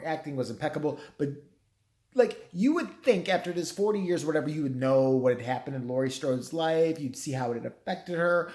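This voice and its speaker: A man's voice: a little high, a little mellow. Man with a profane, rambling review in an echoey room. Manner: profane, rambling, acts out characters' lines. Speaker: movie reviewer.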